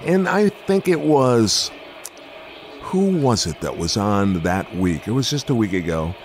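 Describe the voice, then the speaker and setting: A man's voice: on the low side, very animated, unhurried, a little mellow. An older American man hosting a casual podcast interview, chatty and rambling, laughing often as he talks. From United States. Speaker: radio host interviewing a comedian.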